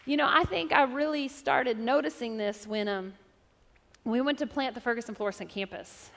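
Female pastor with a high voice, testimony-driven sermon with impassioned delivery, captured in a big reverberant hall. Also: normal speed, creaky, fairly bright tone, some chatter behind, a little hiss or hum. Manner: personal testimony building to impassioned preaching.

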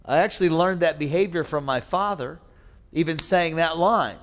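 With a high, animated voice at a moderate pace, the pastor keeps preaching while a long reverb tail trails each phrase. His sermon includes a comic personal story, and he voices the characters for laughs.

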